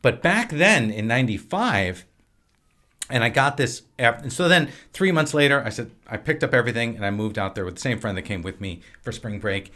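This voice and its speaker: A man's voice: mid-range voice, animated, fairly quick, sharp tone. A man in his late forties from Wisconsin, a guest telling rambling anecdotes in casual conversation. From Wisconsin, USA. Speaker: podcast guest, filmmaker and actor. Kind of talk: casual storytelling.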